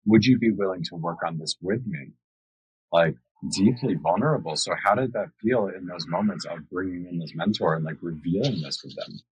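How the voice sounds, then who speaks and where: Very husky low-voiced male host. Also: moderate pace, no echo. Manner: affirming, reflective, repeats key words for emphasis. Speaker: podcast host. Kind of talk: reflective interview conversation. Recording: dry, slightly dull lo-fi recording.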